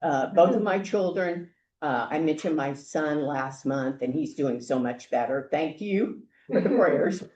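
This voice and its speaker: An older woman, a grandmother, hosting a group meeting with chatty, halting welcome remarks. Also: sits low, animated, mellow, echoey room, highs cut off. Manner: chatty, halting, with many fillers. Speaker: meeting host. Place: meeting room.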